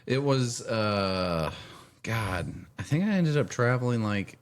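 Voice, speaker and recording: A man's voice: lowish voice, expressive, takes it slowly. A man hosting a casual podcast chat, telling the story of his trip. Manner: chatty, storytelling trip recap. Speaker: podcast host.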